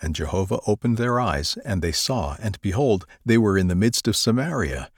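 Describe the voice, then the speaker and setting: Man, scripture reading, expressive rise and fall, husky tone, close dry sound. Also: no room sound. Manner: measured, expressive reading with lively pitch. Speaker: scripture reader.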